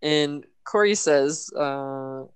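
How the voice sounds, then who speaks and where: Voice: mid-range voice, drawn-out words, clean tone. A podcast co-host recapping a TV episode in casual chat, laughing often. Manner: laughs often, loose and chatty.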